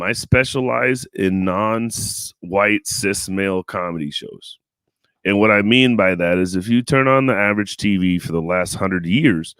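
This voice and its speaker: An American man, a comedian and show producer, chatting casually in an interview from his home studio, enunciating clearly and laughing often. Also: on the low side, a bit bright, no room sound. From United States.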